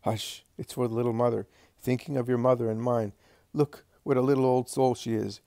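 A man voicing a gentle, joyful and dignified male teacher who speaks in a calm, encouraging way. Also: medium pitch, brisk, gravelly, no echo, clean studio sound, close to an everyday voice. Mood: tender.

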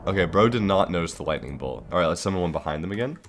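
A young man giving casual, excitable commentary over gameplay, talking to himself and narrating what other players do. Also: low voice, very fast, noisy background. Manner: excitable, giggly, talks to himself while trolling players. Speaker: Minecraft server owner and YouTuber.

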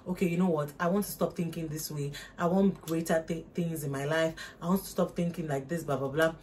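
A young woman, giving emphatic, repetitive motivational advice to her viewers in a casual vlog. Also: a little hiss or hum. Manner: emphatic, preachy, repeats points, rises in pitch for emphasis. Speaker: motivational vlogger. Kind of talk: casual motivational talk to camera.

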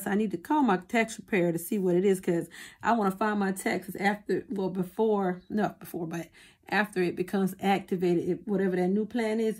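Woman vlogger, casual and chatty, mid-pitched voice, talks straight to camera viewers. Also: a little mellow. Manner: chatty, addresses viewers as y'all. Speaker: budgeting vlogger.

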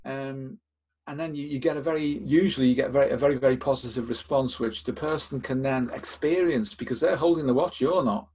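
An older man with a husky, slightly breathy voice talks as a podcast host. He explains a technique patiently, one step at a time. He often restarts a phrase or repeats a word as he goes. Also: medium pitch, a little fast, darkish tone. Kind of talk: instructive podcast talk.

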